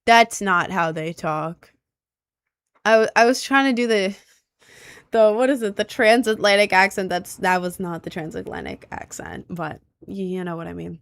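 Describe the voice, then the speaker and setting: A woman's voice: medium pitch, normal speed, no echo, clean studio sound. A young woman streamer chatting casually with her viewers, rambling and easily sidetracked in an upbeat way.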